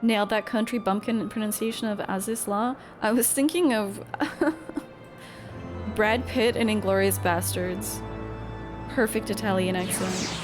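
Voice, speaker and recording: A woman's voice: mid-range voice, unhurried, long pauses, over music. A woman streamer reacting to a game in casual, joking commentary with swearing.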